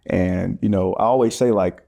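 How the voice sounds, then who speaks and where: A man co-hosting a podcast, telling a personal story in a casual, animated way and acting out the voices of people in it. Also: low voice, normal speed, creaky. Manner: animated, acts out quoted voices, laughs often. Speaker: podcast co-host.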